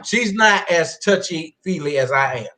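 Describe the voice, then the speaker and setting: A man's voice: on the high side, lively intonation, normal speed, sharp tone, slight background noise. A man hosting a talk show, speaking candidly and casually about his marriage. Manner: candid, conversational, folksy. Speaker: host. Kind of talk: casual chat.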